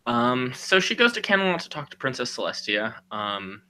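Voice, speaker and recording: A man's voice: mid-range voice, big pitch swings, moderate pace, sharp tone, clean tone. A man co-hosting a podcast, casually retelling a story with lots of "you know" and "like", acting out the characters' lines. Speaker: podcast co-host.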